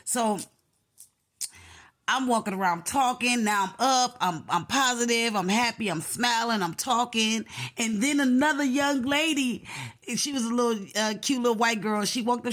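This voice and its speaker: A woman's voice: a little high, normal speed. A young woman with a boisterous voice, telling a personal story in casual slangy chat and acting out what others said. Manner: animated, slangy, acts out other people's lines.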